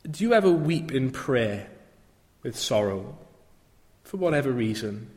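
A man's voice: mid-range voice, big-room sound. A male preacher giving an earnest sermon that rises to fervent proclamation.

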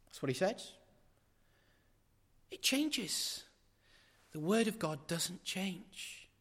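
A man's voice: sits high, lively intonation, very slow, fairly bright tone, slightly rough, in a large hall. A middle-aged man preaching a sermon, emphatic and repeating phrases for stress.

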